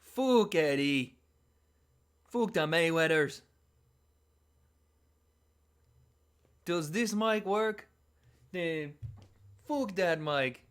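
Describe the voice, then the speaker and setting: A man putting on a loud, cocky Irish-accented fighter impression, trash-talking during a livestream. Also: a little high, lively intonation, slow, pauses often, clear, resonant tone, voice pushed up. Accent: Irish, put on. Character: brash, swaggering male Irish fighter impression.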